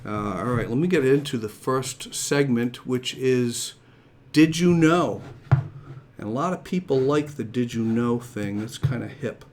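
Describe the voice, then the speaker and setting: Slow-talking chatty male live-stream host. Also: medium pitch, a little mellow, a little hiss or hum. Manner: chatty, upbeat, repeats himself. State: out of breath. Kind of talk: casual live-stream chat. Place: room in his home.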